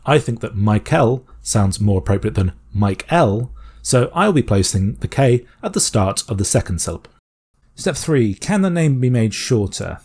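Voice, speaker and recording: A British man explaining a constructed language step by step in a calm, methodical tutorial voice. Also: fairly low pitch, moderate pace, breathy edge. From Britain. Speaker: language teacher.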